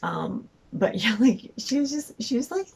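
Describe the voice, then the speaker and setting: A woman's voice: on the high side, animated, measured pace, vocal fry, a little mellow, husky, low-quality recording. A woman telling a story casually, rambling with lots of fillers. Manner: rambling, full of "like" and "um".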